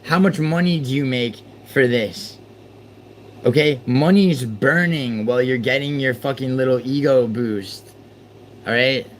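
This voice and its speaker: A man hosting a live stream, arguing with his chat and swinging from exasperated outbursts to low muttering. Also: a little slow, slight background noise. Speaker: livestream host.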